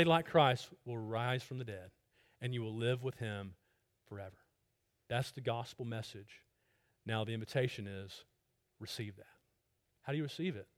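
A man preaching an evangelistic sermon, at times loud and urgent, at times soft and pleading. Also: medium pitch.

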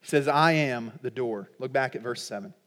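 A middle-aged man preaching a sermon as pastor, animated and acting out little voices in his illustrations. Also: mid-range voice, normal speed.

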